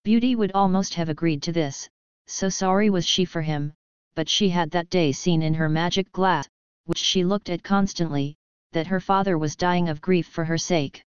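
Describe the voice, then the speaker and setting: A woman reads a fairy tale aloud in an even, measured manner. Her voice is low and very clear, recorded dry and close with a dull, lo-fi sound. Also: no echo. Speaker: audiobook narrator. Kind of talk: storybook narration.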